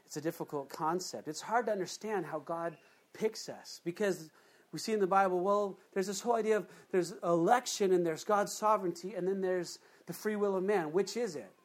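A preacher in the middle of a sermon, talking in a loose, chatty way and throwing questions to the congregation. The voice sits at a middle pitch and leaps up sharply at times for emphasis. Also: a little fast. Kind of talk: conversational sermon.

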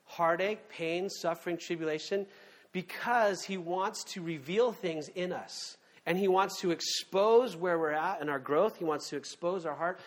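Man, pastor preaching, conversational, emphatic, lots of fillers, fairly high voice. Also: moderate pace. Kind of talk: sermon.

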